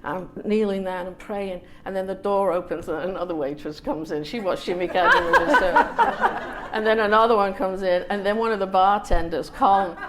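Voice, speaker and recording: English woman telling a lively story. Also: medium pitch, normal speed, few pauses, background noise. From England. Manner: lively anecdotal, laughs often, acts out quotes. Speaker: guest author. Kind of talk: storytelling on a panel. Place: small event room.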